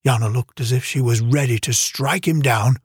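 A man narrating an audiobook in a measured, even storytelling manner. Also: medium pitch, husky, dry recording, studio quality. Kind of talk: scripted narration.

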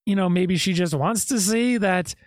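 A man's voice: high voice, moderate pace, no room sound, clean studio sound. A man hosting a podcast, giving skeptical true-crime commentary full of rhetorical questions. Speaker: podcast host.

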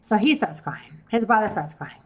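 A woman's voice: medium pitch, lively intonation, normal speed, low-quality recording. A woman, hosting a podcast and telling a story casually, acting out the people she talked to. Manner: chatty, retells conversations in quoted voices. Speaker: podcast host and real estate investor.

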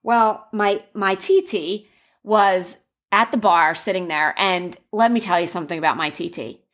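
A woman's voice: medium pitch, measured pace. Chatty young woman telling a story. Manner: animated, acts out quoted voices with gasps. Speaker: bride sharing wedding advice. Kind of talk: casual storytelling.

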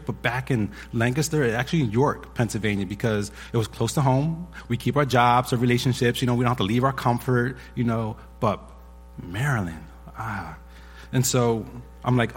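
A man in his forties, a pastor, telling a personal story from the pulpit in a husky voice, animated when he acts out what others said. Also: medium pitch, fairly quick. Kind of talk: sermon testimony. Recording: echoey hall with long reverb.

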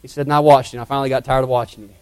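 Middle-aged preacher, folksy dramatic testimony, dry close mic. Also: male voice, mid-range voice, flat delivery, racing, clear, resonant tone, no room sound. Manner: folksy, dramatic storytelling, drops to hushed tones. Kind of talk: sermon storytelling.

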